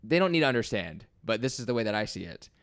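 A man's voice: lowish voice, very animated, fast talker. A young adult man talking as a podcast guest in a laid-back, earnest, plainspoken way with casual slang. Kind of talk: casual chat.

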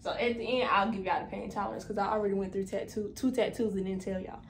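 A young woman in her twenties vlogs casually to her viewers, calling them "y'all" often and filling her speech with fillers. Her mid-range voice moves fast with fairly even intonation, and she sounds slightly out of breath. The room is echoey, with faint background noise.

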